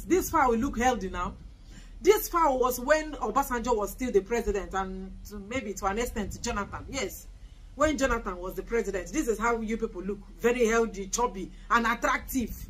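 A woman rants on camera in a fiery, scornful way. Her voice sits a little high, and she hammers the same points again and again. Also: slightly rough, poor audio. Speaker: political commentator. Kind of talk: impassioned political vlog rant.

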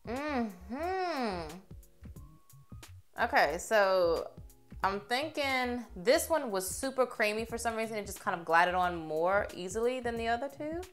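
A young woman reviewing makeup on camera in a chatty, expressive way, gushing over what she tries. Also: a little high, takes it slowly, faint music behind. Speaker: beauty vlogger.

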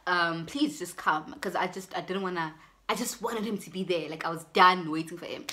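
Bright-voiced South African young woman. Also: on the low side, normal speed. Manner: animated, switches into Zulu phrases, acts out both sides of conversations. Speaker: YouTuber. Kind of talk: casual storytime vlog.

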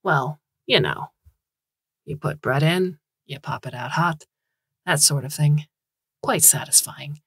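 A rough, gravelly old hobo who happens to be a talking caravan, as a woman reading the story puts him on. He grumbles and rambles, low and husky, in a dry close recording. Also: slow pace, long pauses, fairly bright tone, no echo, full character voice. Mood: rambling. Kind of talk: audiobook reading.

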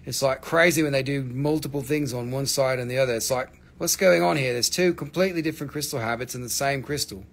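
A man's voice: medium pitch, quick pace, creaky, few pauses. A man hosting a live stream that sells minerals, talking casually with lots of swearing, ranting and then joking.

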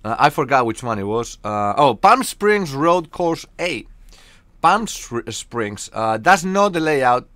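A young man from Spain with a Spanish accent, chatting casually and joking with viewers during a live game stream, often pausing on fillers. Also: medium pitch, big pitch swings, fairly bright tone, dry recording.

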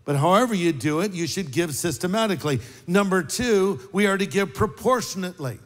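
Older guy preaching, kinda high voice, lively storytelling, echoey big church. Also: brisk. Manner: animated storyteller, wry and sarcastic asides. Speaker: pastor. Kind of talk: sermon.

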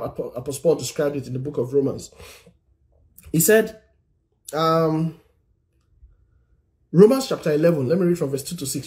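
A man's voice: a little high, dark tone. A man giving an earnest, encouraging sermon-style teaching over a phone live stream, repeating his points and reading scripture aloud. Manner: earnest, repetitive exhortation, reads scripture aloud. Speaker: Christian teacher on singles and marriage.

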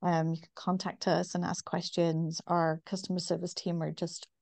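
A middle-aged woman from northeast England with a softened northern English accent, explaining things in a measured way with many ums as an interview guest. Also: lowish voice, little pitch movement, gravelly, no room sound. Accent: northern English, softened by decades in the US. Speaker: guest, women's health company founder. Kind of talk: interview conversation.

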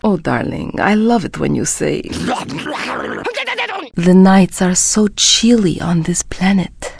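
A woman's voice: medium pitch, sing-song, measured pace, noisy background. A woman voicing an adult female Draenei, a hoofed alien who speaks formally, drops articles and cracks flirty jokes in a game. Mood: sultry. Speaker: game character voice. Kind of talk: game voice lines.

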